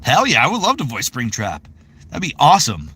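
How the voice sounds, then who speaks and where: A man's voice: mid-range voice, wildly swooping pitch, fairly quick, bright, forceful tone, breathy edge. A man in his thirties chatting casually on a live stream, rambling with lots of fillers. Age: 30s. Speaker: voice actor streaming.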